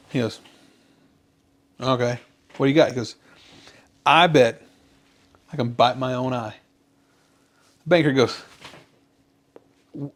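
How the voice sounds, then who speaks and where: A man co-hosting a casual podcast, telling a long joke with lively character voices. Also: fairly quick, long pauses. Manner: animated joke-teller, jumps to high pitch for characters. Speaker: podcast co-host.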